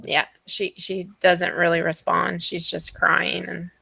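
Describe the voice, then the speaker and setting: Halting woman narrating as game master. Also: lowish voice, monotone, gravelly, pushed and bright, husky, no echo. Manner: halting, many fillers and restarts. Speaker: dungeon master.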